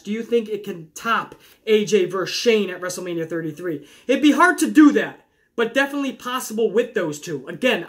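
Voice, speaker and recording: Young male podcast host, high and bright voice, casual and excitable. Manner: chatty and enthusiastic, reads questions aloud then riffs. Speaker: podcast host answering viewer questions. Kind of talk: casual chat.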